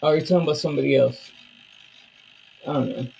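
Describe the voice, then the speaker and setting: A man's voice: medium pitch, fast, vocal fry, mellow, slightly rough, poor audio. A man streaming live, chatting casually and loosely with his viewers in slang. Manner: loose, slangy and rambling, talking to chat. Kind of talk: casual chat.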